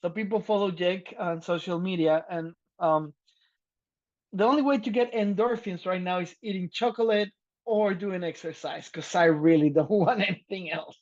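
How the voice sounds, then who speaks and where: A man co-hosting a podcast, talking loudly and excitedly in casual chat and laughing often, with a slight lilt. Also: high voice, normal speed, muffled recording. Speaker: podcast co-host.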